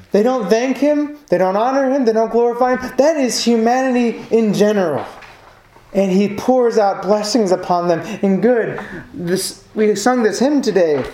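A man's voice: very high-pitched, dark tone. A man preaching a sermon, earnest and building emphasis through repetition. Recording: echoey room, faint background noise.

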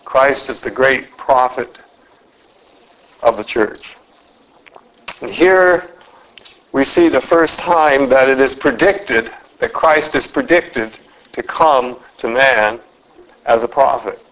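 A man preaching an expository sermon, speaking in a measured, deliberate way and slowing down for emphasis. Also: mid-range voice, fairly bright tone, poor audio.

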